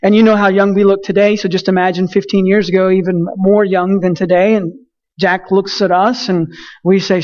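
A man's voice: high-pitched, flat delivery, normal speed, a little mellow, lo-fi sound. A man preaching a casual sermon, telling a personal story in a loose, conversational way. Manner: conversational, frequent fillers and restarts, storytelling.

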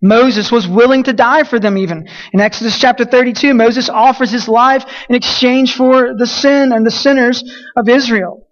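A man's voice: very high-pitched, fairly even intonation, normal speed, lo-fi sound. A man preaching an earnest sermon, reading scripture aloud and repeating phrases as he corrects himself.

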